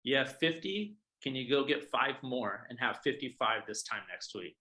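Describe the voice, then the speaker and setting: Bright-voiced realtor coaching agents. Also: male voice, mid-range voice, expressive, moderate pace, rough recording. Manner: conversational, keeps checking in with "all right?" and "right?"; frequent fillers and restarts. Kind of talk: casual training talk.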